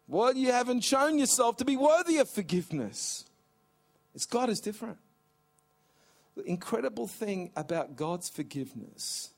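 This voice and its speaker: A middle-aged male pastor preaching a sermon with passion, climbing to shouts at the high points. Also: expressive, normal speed. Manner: impassioned, rising to shouts.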